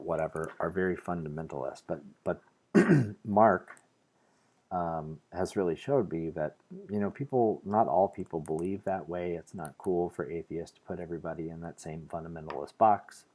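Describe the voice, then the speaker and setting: An American man vlogs a casual monologue to the camera, earnest and argumentative but hesitant, with many restarts. His voice is deep and a little mellow, at normal speed.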